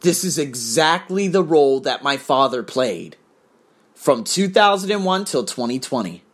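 A man's voice: mid-range voice, very animated, normal speed. A man telling a blunt, profane personal story in a confessional monologue.

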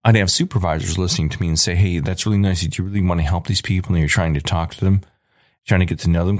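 A man in his forties with a low voice rants hard as a podcast host. He is angry and emphatic, hammers his points home by repeating them, and is recorded in a dry, close setting. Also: steady tone, racing, no echo. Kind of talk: ranting monologue.

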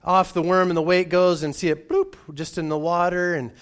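A man's voice: high-pitched, flat delivery, normal speed, clear, resonant tone. A man who is a pastor, preaching in a conversational way and often repeating words as he restarts. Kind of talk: sermon with a personal story.

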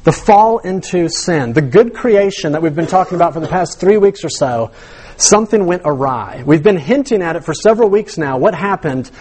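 A man's voice: fairly high pitch, lively intonation, moderate pace, darkish tone. A man preaching a sermon as pastor, teaching with rhetorical questions and repeating words for emphasis.

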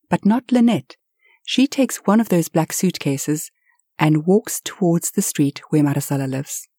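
Husky, dark-voiced woman storyteller. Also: fairly low pitch, no room sound, clean studio sound. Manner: lively, expressive telling with dramatic swells. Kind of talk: told story narration.

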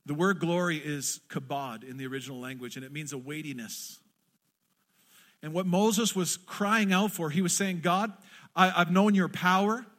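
A man's voice: fairly high pitch, moderate pace. A man preaching a sermon to a congregation, passionately acting out quoted prayers. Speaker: pastor. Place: church in front of a congregation.

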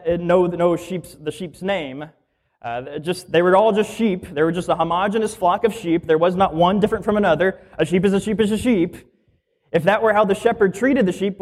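A man's voice: on the high side, a little mellow. A male minister giving a sermon in a conversational teaching style, explaining scripture plainly and asking the listeners questions.

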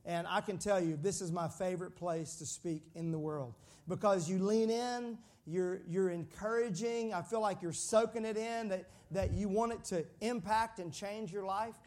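A fairly high-voiced man preaching. He jokes with the congregation, calls on them to repeat his words back, and keeps the sermon lively and conversational. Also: normal speed, few pauses. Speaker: pastor.

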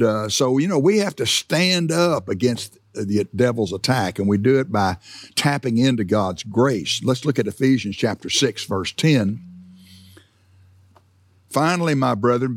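Middle-aged preacher, gravelly, dry close sound, conversational, hammers key words. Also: male voice, lowish voice, no echo. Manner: conversational, repeats words for emphasis. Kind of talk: sermon.

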